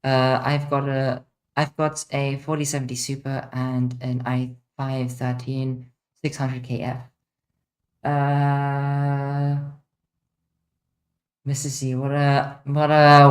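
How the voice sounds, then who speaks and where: Streamer, casual livestream Q&A, chatty and off the cuff, mid-pitched voice. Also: level tone, takes it slowly. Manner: chatty, answers chat questions off the cuff.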